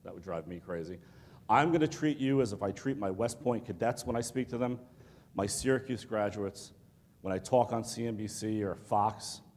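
Man giving an animated speech in a reverberant hall. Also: on the low side, normal speed. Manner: animated storytelling with acted-out quotes. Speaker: motivational speaker. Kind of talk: leadership talk to a student audience. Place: large hall.

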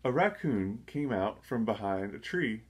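A man reading a children's story aloud, gentle and measured. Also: fairly low pitch, big pitch swings, breathy edge. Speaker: storybook reader. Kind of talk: children's read-aloud narration.

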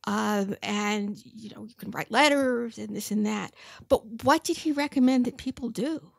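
A woman in her seventies, an audience member at a book talk, asking a question thoughtfully with hesitant pauses. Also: on the high side, vocal fry, breathy edge, no echo, studio quality. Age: 70s. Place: bookstore event room.

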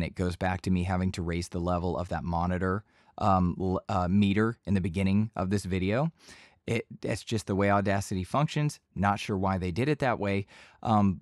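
Man, lowish voice, voice-over teacher, chatty and loose, dead-dry home booth. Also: no echo. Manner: relaxed, talkative, repeats himself with fillers. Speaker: voice-over instructor. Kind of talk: casual tutorial explanation. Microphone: studio microphone.

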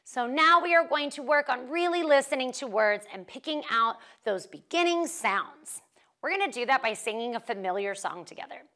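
A young woman who teaches first grade, leading a children's phonics lesson with slow, clear and encouraging talk. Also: high-pitched, bright, forceful tone.

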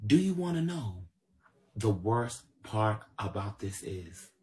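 Speaking AAVE, this man delivers ranting livestream commentary that is confrontational, repetitive, and full of profanity. His low-leaning voice is mellow and sing-song, and he takes it slowly.

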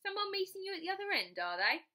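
A woman's voice: very high-pitched, sing-song, fast, pushed and bright, pitched above the performer's own voice, exaggerated voice. A woman voicing a tall, blunt male train ticket collector who is nosy and sniffy, in a storybook reading.

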